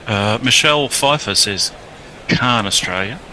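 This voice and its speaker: A man's voice: mid-range voice, a little slow, pushed and bright, a little hiss or hum, low-quality recording. A man reading listener messages aloud during cricket commentary, with an amused, chuckling delivery.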